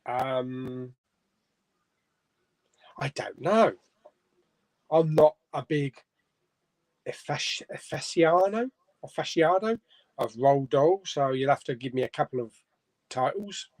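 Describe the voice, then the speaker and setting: A man's voice: medium pitch, animated, slow pace, long pauses, a little mellow, no room sound. A man hosting a casual live stream, reading viewer comments aloud and chuckling between them. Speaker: host of a live chat stream. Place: home room.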